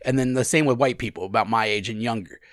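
A man's voice: fast, dry recording. A younger man hosting a podcast, talking casually and laughing often. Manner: animated, laughing, swings up in pitch. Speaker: podcast host. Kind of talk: casual chat.

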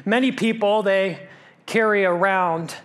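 Slow, high-voiced preaching man. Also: fairly even intonation, a little hiss or hum. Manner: emphatic preaching, dropping to a hush for key lines; repeats phrases for rhythm. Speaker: pastor. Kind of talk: sermon.

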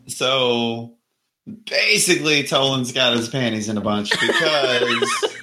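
A man's voice: medium pitch, unhurried, bright, forceful tone. A man co-hosting a podcast in casual chat, easily amused. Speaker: podcast co-host.

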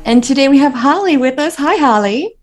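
A woman co-hosting a podcast in casual chat, talkative and quick to laugh, with a lot of "like" in her speech. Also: high voice, lively intonation, faint music behind. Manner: chatty, laughs easily, lots of "like". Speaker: podcast co-host and dance studio owner.

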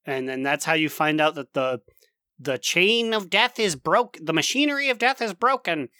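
A man's voice: on the high side, lively intonation, normal speed, sharp tone, no room sound, studio quality. A man co-hosting a podcast, wryly recapping a game story with giggles. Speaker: podcast co-host. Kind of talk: casual gaming chat.

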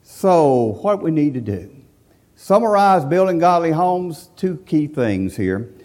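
A man delivering a sermon in a folksy, emphatic, storytelling manner. His voice sits a little high for a man. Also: very animated, slow, darkish tone. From central Alabama, USA. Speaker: visiting preacher.

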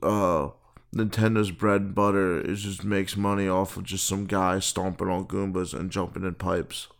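A man's voice: low voice, flat delivery, normal speed, creaky. A man in casual podcast chat, curious and asking questions.

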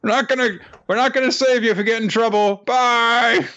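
A chirpy school guide, put on by a man speaks in a squeaky, very high voice. He is breezy and dismissive, and he pushes the volume up. The sound is dull and lo-fi. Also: fairly even intonation, a little fast, pushed and bright.

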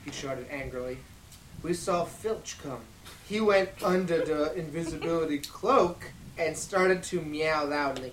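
A woman's voice: deep voice, unhurried, a little hiss or hum. A woman podcast host reading fan fiction aloud in a giggly, theatrical way at home in a dining room. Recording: echoey room, mic at a distance.

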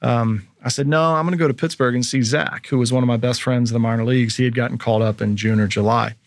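A man's voice: mid-range voice, steady tone, fast talker, dry recording. A man in his thirties, a former pro athlete as podcast guest, telling a long story casually and acting out the people he quotes.

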